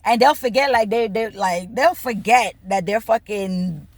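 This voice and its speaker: A woman telling a story in a casual rant, animated and bubbly, swearing freely and acting out both sides of conversations, laughing now and then. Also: medium pitch, measured pace, a little hiss or hum. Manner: bubbly, laughs between lines. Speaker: vlogger.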